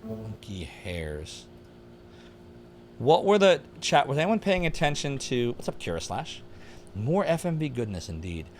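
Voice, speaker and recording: A man's voice: on the high side, very animated, normal speed, a little hiss or hum. A man streaming a game, joking and reading chat messages in a casual way. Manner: jokey, reads chat, puts on voices.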